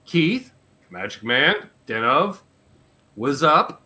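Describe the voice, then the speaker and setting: Canadian guy hosting a live stream, jokey, bouncy pitch, bright voice. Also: very animated, slow. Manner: playful, jokey, rattling through a list. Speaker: podcast host. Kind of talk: live-stream chat, reading out viewer names.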